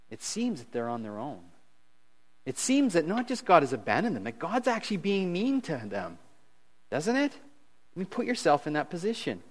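A middle-aged pastor preaches a conversational sermon, animated and swinging between loud and hushed, chuckling at his own jokes. His voice is a little high.

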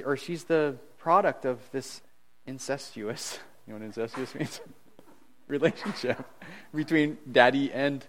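A middle-aged man preaching a conversational sermon as pastor, animated and swinging between loud and hushed, chuckling at his own jokes. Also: a little high.

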